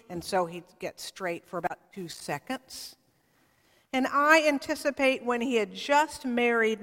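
A woman preacher telling a story in a lively, chatty way, with a fairly high voice. Her words linger in a long hall reverb. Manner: lively, acts out characters, talks to the congregation. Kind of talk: storytelling sermon.

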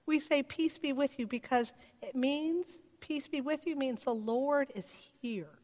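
A woman's voice: high-pitched, measured pace, darkish tone, long reverb tail. A woman pastor giving a sermon in a church, talking conversationally and putting rhetorical questions to the congregation.

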